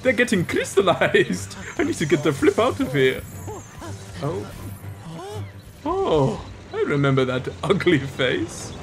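A young man in his twenties, a gaming host, joking and reacting excitably while he plays. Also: on the high side, slow pace, gravelly, long pauses, over music. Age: 20s. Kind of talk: let's-play commentary.

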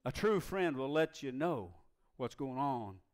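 A man preaching a sermon as pastor, drawing out scripture verses slowly for emphasis. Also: medium pitch, sing-song.

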